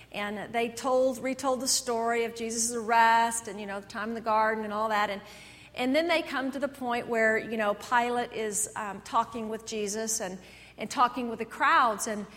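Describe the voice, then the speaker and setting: Woman pastor preaching, high voice, long church echo, goes loud then soft. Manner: animated storytelling, swings between loud and soft. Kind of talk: sermon. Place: church sanctuary. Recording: echoey church hall.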